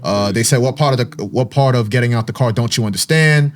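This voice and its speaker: A man hosting a relaxed sports chat, recapping the news in a loose, animated way with plenty of "uh"s and trailing restarts. His voice sits in a middle register, neither high nor low. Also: fast. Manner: animated storytelling, frequent fillers. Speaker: podcast host. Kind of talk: casual sports talk.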